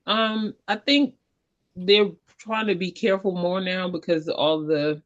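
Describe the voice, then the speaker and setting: A woman's voice: lowish voice, steady tone, measured pace. A woman actor and singer chatting as an interview guest, telling her stories in a rambling, earnest way. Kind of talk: casual interview chat. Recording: dull lo-fi audio.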